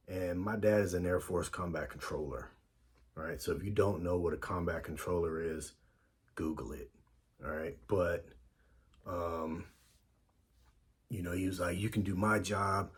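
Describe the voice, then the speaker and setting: Deep husky man telling a story. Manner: laid-back, lots of fillers and quoted dialogue. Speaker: podcast host telling his story. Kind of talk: casual storytelling.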